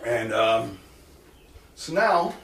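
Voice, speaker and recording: A man in his forties or older tells stories with a lively, swooping pitch, throwing himself into other people's voices and cursing as he goes. He is picked up from a distance in an echoey room with faint background noise. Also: drawn-out words. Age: 40s or older. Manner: animated storyteller who acts out quotes, swears and laughs often. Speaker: guest, wrestling manager and comic hypnotist. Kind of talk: casual storytelling interview. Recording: roomy echo from a distant mic with faint noise.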